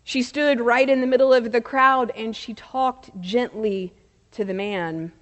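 A woman preaching a sermon, telling a story in a slow, measured way with soft pauses. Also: fairly high pitch, steady tone, lo-fi sound. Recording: long reverb of a large hall.

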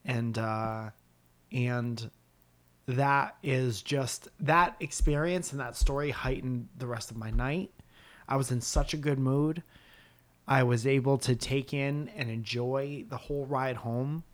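A man's voice: medium pitch, slow pace. A man co-hosting a podcast, chatting casually and telling rambling, self-deprecating comic stories as a stand-up comedian. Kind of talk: casual chat.

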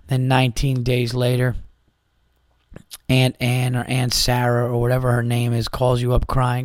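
New guy ranting on his podcast, kinda monotone, dry close sound. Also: medium pitch, moderate pace, no echo. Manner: exasperated, rambling, acts out quoted voices. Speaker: podcast host. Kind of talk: comedic rant.

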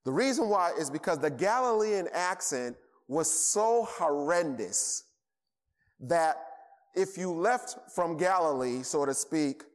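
A man's voice: a little high, expressive, slow pace. A man with a Boston accent preaching a sermon, stressing points by repeating words. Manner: emphatic, repeats words for emphasis. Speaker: pastor. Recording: long hall reverb.

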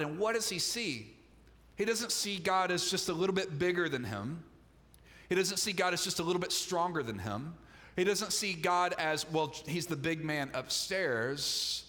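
A man's voice: high voice, pushed and bright, in a large hall. A man preaching a sermon in a conversational style, with humorous asides, in a church. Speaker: pastor. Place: church sanctuary.

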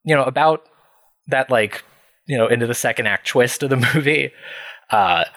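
A man's voice: mid-range voice, normal speed, fairly bright tone, no room sound. A man telling a story as a podcast guest, chatty and full of fillers. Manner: chatty, laughs while telling, many fillers. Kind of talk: casual storytelling.

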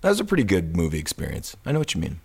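Midwestern man, middle-aged, deep and gravelly; podcast host, animated storyteller. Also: rapid-fire. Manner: animated anecdotes, acts out quoted shouts. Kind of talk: casual chat, storytelling.

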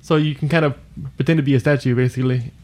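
A man's voice: mid-range voice, fairly even intonation, rapid-fire, darkish tone. A man co-hosting a podcast in casual chat, rambling and trailing off, laughing often. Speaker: podcast co-host.

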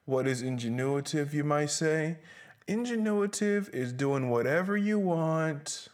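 A man's voice: fairly high pitch, animated, unhurried, a little mellow. A man hosting a solo podcast from a small closet, talking in a rambling, profane, self-mocking way. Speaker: podcast host.

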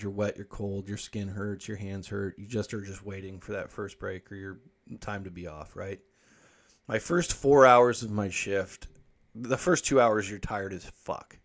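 A man hosting a podcast, telling a rambling, profane story in casual monologue and reading articles aloud with his own asides. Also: medium pitch. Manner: profane, rambling, animated when quoting himself. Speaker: podcast host.

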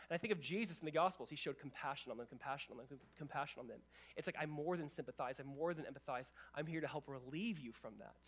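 Fast-talking, high-pitched male pastor preaching. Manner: animated, conversational preaching with quick asides. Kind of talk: sermon.

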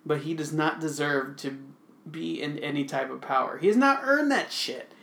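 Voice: medium pitch, normal speed, creaky, fairly bright tone. A podcast co-host in loose, profane casual chat, laughing often and talking bluntly. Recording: roomy echo.

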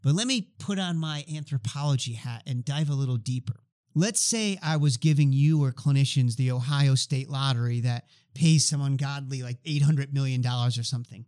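A man in his fifties talks as an interview guest, spinning lively stories and playing out the dialogue. His voice sits a little high for a man. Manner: animated, acts out dialogue in stories. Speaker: guest expert on healthcare change. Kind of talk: conversational storytelling.

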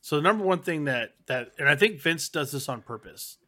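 Podcast dude, bright sharp voice, chill and thinking out loud. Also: male voice, on the high side, animated, fairly quick. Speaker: podcast co-host. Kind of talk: casual chat.

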